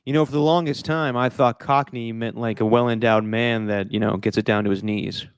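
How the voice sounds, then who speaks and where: A man's voice: medium pitch, fairly even intonation, a little fast, clean tone, dry recording. A man co-hosting a podcast, chatting casually and teasing his co-host with jokes. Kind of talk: casual chat.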